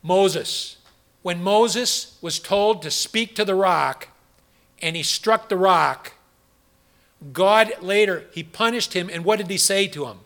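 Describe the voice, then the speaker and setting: A man's voice: high voice, slow pace, vocal fry, a bit bright. A middle-aged man preaching a sermon, asking the audience questions and acting out quoted voices. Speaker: pastor.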